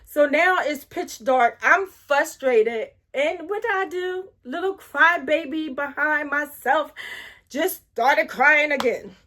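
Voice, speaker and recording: A middle-aged woman with a high voice tells a casual story to her viewers. She is animated and excitable, and she breaks off and restarts her sentences as she goes. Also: takes it slowly. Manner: animated, talks straight to viewers with frequent asides. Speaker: vlogger telling a story.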